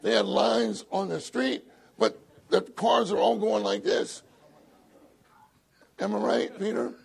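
An older man with a husky, gravelly voice, telling a humorous story in a sermon and laughing often. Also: high-pitched, steady tone, takes it slowly. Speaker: church speaker.

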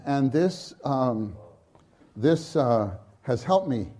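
A man delivers a sermon at an easy, drawn-out pace. He speaks haltingly, restarting phrases, then lifts into fervent emphasis. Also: mid-range voice, dark tone. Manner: unhurried, halting, with many restarts and fervent rises. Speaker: preacher. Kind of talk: conference sermon.

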